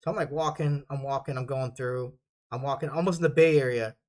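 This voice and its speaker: A man's voice: mid-range voice, steady tone, fairly quick, darkish tone. A young man casually telling stories from basic training, rambling and swearing a lot, laughing often as he goes. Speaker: vlogger. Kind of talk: casual storytelling.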